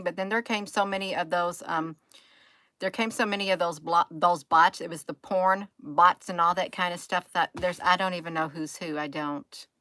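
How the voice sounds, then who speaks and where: A woman's voice: fairly low pitch, bright, forceful tone, dry recording. Chatty woman scolding her livestream chat. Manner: chatty, scolding, says "you all" often. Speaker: livestream host. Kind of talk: casual chat with viewers.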